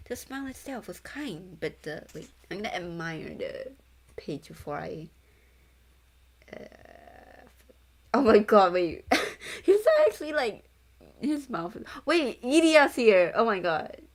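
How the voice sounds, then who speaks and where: A woman's voice: medium pitch, very animated, takes it slowly. A young woman VTuber reading a novel aloud in a casual read-along, stumbling, correcting herself and breaking into chatter.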